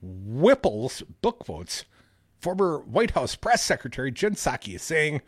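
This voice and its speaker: A man co-hosting a casual news chat, reading out stories and adding animated, jokey asides. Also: mid-range voice, measured pace, husky, dry recording, clean studio sound. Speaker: podcast co-host.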